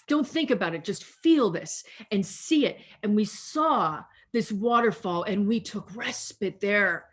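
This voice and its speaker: A woman pastor giving a sermon over a video call, slow and emphatic, repeating phrases and guiding listeners through imagined scenes. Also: mid-range voice.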